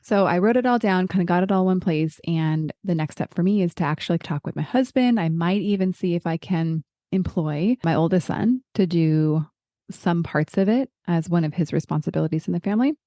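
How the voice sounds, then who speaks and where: A middle-aged woman leads a casual group call in a low, mellow voice. She sounds encouraging and chatty, and she thinks aloud as she talks. The sound is dry and close. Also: fairly quick, no echo. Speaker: podcast host leading a group call.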